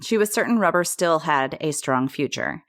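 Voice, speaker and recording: Low-voiced woman telling a podcast story. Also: lively intonation, moderate pace, a bit bright, dry recording, clean studio sound. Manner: chatty, self-correcting, laughs at her own pronunciation. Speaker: podcast co-host.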